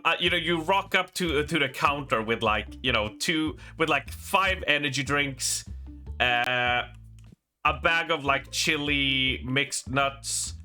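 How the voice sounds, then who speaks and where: A man's voice: fairly high pitch, pushed and bright. An Australian man chatting casually while streaming a game, rambling with lots of fillers and frequent laughter. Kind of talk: casual chat while gaming.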